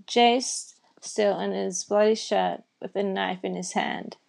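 A woman's voice: mid-range voice, fairly even intonation, slow pace, vocal fry, a little mellow. A woman reading a novel chapter aloud in a casual way, sometimes stumbling and correcting herself. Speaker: reader.

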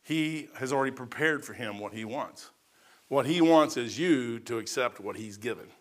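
A middle-aged man preaching a sermon. He moves between loud, shouted passages and soft, low stretches. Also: moderate pace.

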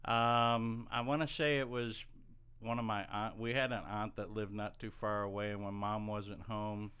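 Smooth low-voiced man telling jokes. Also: flat delivery, unhurried, a bit bright. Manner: jokey, self-deprecating, acts out voices in stories. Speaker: podcast co-host telling life stories. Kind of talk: casual storytelling chat.

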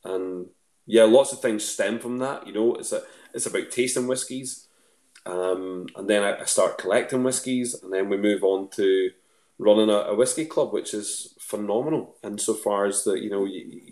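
A Scottish man talks in a loose, rambling, self-mocking way, full of restarts. His voice sits low. The room around him rings with echo. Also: a little mellow. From Scotland. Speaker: guest. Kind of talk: casual chat.

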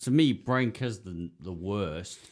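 A man's voice: lowish voice, expressive, takes it slowly, a little mellow. A man co-hosting a casual chat, rambling with many fillers and putting on voices to act out scenes. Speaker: podcast co-host.

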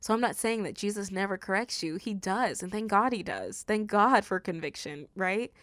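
A woman's voice: mid-range voice, moderate pace, a bit bright, dry recording, clean studio sound. A woman hosting a faith podcast, speaking in an earnest, tender and emotional way, often saying "like". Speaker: podcast host. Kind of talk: heartfelt faith podcast monologue.

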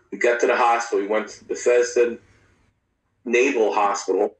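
Man, mid pitch, halting and profane storyteller, heard from a distance in an echoey room. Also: little pitch movement. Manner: candid, halting, profane, with frequent restarts. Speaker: interview guest. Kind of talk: personal storytelling in a podcast interview. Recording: roomy, distant mic.

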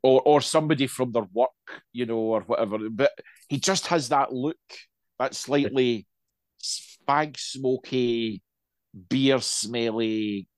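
A man's voice: medium pitch, slow, dry recording. A middle-aged man co-hosting a podcast, reviewing a film in casual chat, rambling and wry, with frequent restarts.

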